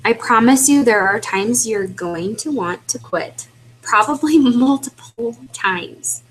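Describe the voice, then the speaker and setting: A woman's voice: fairly high pitch, animated, takes it slowly, slightly rough, rough recording. A woman leading a motivational webinar, talking earnestly and pleading with her team, casual with fillers. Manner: earnest, pleading, repetitive exhortation. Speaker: team leader for independent distributors.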